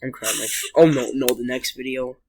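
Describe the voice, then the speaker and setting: A woman's voice: rumbling low, steady tone, normal speed, a little hiss or hum, rough recording. A woman giving emotional commentary while watching videos for a reaction vlog, often laughing and sighing. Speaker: vlogger. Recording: loud music from the clips she watches.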